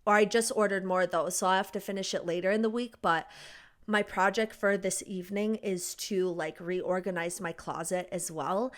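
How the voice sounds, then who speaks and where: A woman's voice: medium pitch, fairly even intonation, moderate pace. A woman in her twenties co-hosting a podcast in casual chat. She is bubbly and laughs often, telling stories with lots of "like.". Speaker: podcast co-host.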